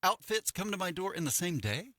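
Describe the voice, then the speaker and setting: A middle-aged man co-hosting a morning radio show on a dry studio mic. He tells stories with a very lively, swooping delivery and a bright, forceful tone. He acts out the people he quotes along the way. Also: sits high, brisk, no room sound. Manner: animated storytelling with acted-out quotes. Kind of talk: casual radio chat. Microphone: studio microphone.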